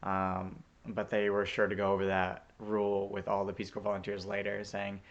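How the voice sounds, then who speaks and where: A man chats through a personal story in a relaxed vlog, with lots of ums and uhs. His voice sits on the low side. The recording sounds a bit dull and lo-fi. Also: normal speed. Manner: easygoing, chatty, many fillers. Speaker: returned Peace Corps volunteer.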